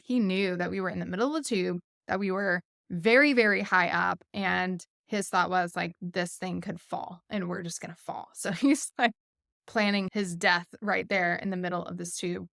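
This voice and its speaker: A woman in her thirties hosting a podcast, telling a family story in a casual, animated way with frequent laughs and "like" fillers. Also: lowish voice, vocal fry, dry recording, clean studio sound. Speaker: podcast host.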